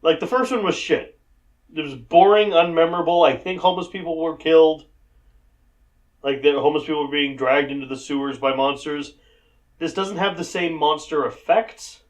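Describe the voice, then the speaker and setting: A man's voice: on the high side, moderate pace. A man co-hosting a casual movie review show, wry and sarcastic. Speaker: podcast co-host.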